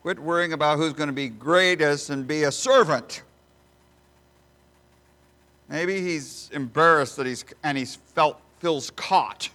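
A man preaching a sermon as a pastor, asking rhetorical questions and swinging from soft asides to loud, emphatic bursts. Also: a little high, slow pace, long pauses.

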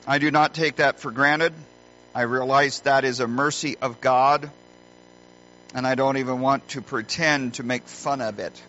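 Bright-voiced middle-aged male pastor preaching. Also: mid-range voice, fairly even intonation. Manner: earnest, folksy storytelling with deliberate pauses. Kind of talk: sermon. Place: church sanctuary. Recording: muffled lo-fi recording with faint hum.

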